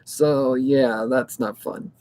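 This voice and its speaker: A man's voice: medium pitch, steady tone, slow pace, a little mellow. A man chatting casually as a hobby narrator, rambling, blunt and swearing freely, giving pep-talk advice and repeating himself. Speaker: fan audiobook narrator.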